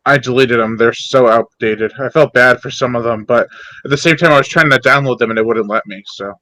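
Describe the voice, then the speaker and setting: A man's voice: medium pitch, fairly quick, pushed and bright, no echo. A man hosting a casual chat with friends, easygoing and laughing often. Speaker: channel host.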